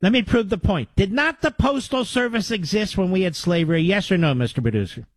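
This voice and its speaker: A man's voice: high voice, a little fast, no room sound. A man hosting a talk radio show, delivering a combative, sarcastic monologue into a studio mic.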